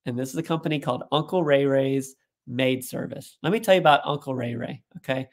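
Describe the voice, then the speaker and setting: A man as an interview guest, telling an animated story and putting on voices for the people he quotes. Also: mid-range voice, brisk. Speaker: guest, tech executive.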